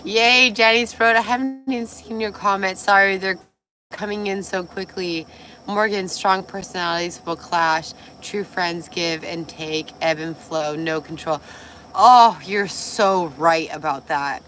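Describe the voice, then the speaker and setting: A woman hosting a casual livestream, a little tipsy and hoarse, gushing and swearing as she reads viewer comments. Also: medium pitch, steady tone, a little slow, a bit bright, slight background noise. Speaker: livestream host.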